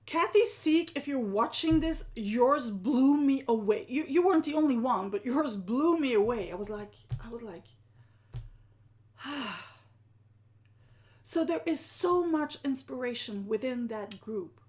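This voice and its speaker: A woman, a live-streaming art journaling teacher who often sinks into a soft whisper and laughs at herself. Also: high voice, animated, moderate pace, hardly any pauses. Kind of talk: live-stream talk to viewers.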